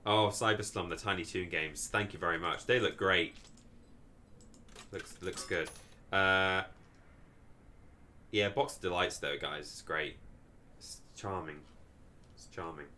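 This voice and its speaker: A man's voice: low voice, unhurried, long pauses, pushed and bright, slight background noise. A man hosting a live game stream, chatting casually and rambling as he thinks aloud and thanks viewers for donations. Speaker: livestream host.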